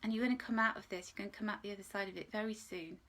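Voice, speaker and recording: Here a woman delivers a live angel card reading at a rapid-fire clip, her medium-pitched voice keeping a fairly even intonation. The tone stays gentle and reassuring, yet she often turns emotional, breaks into laughter, and at points drops to a whisper.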